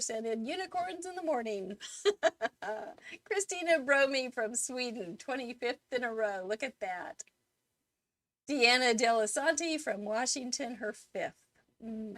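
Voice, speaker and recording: A woman hosting a live crafting show, chatty and enthusiastic. Her voice sits a little high and swings widely in pitch. The mic sound is close and dry. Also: a bit bright, dry recording. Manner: reads viewer names rapidly, chatty and enthusiastic. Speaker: host.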